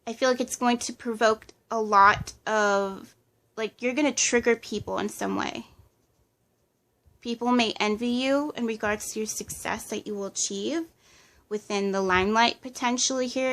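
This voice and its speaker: A woman's voice: a little high, fairly even intonation, normal speed, fairly bright tone. A woman giving a pick-a-card tarot reading in a casual, hesitant way, listing impressions with many fillers. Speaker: tarot reader.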